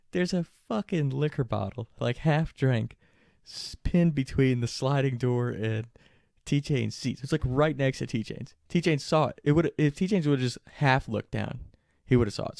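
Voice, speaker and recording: A young man casually telling a funny, profane story, animated and laughing often. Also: medium pitch, creaky, no room sound, clean studio sound.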